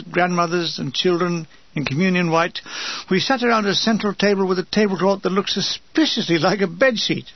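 Gravelly man reading a wry memoir. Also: sits high, dry recording, dull audio. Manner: dry, comic asides. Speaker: narrator of his own war memoir. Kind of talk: scripted memoir narration.

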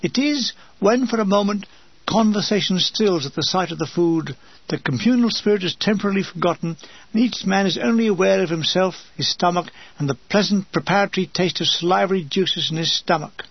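Gravelly man reading a wry memoir. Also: high-pitched, fairly quick, dry recording, lo-fi sound. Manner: dry, comic asides. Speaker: narrator of his own war memoir. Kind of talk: scripted memoir narration.

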